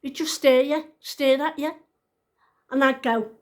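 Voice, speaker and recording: A woman's voice: high-pitched, fairly even intonation, measured pace, long pauses, a little mellow. Blunt, outspoken woman in her sixties. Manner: blunt and outspoken, swears freely; emphatic, repeats points. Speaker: vlogger. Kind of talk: casual storytelling to camera.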